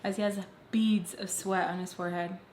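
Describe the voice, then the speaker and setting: A woman's voice: medium pitch, fairly even intonation, normal speed, a little mellow. A woman vlogger telling a personal story to her viewers in a chatty, dramatic way. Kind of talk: casual storytime chat. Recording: echoey room with faint noise.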